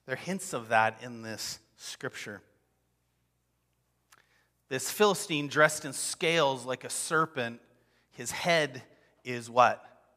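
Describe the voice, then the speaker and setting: A man preaching a sermon, telling a scripture story with expressive acted-out quotes. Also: medium pitch, takes it slowly, long pauses. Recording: long hall reverb.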